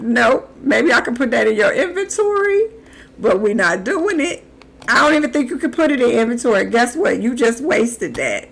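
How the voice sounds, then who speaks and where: A young adult woman streaming live, giving animated gameplay commentary and talking back to the characters on screen. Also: on the high side, normal speed, gravelly.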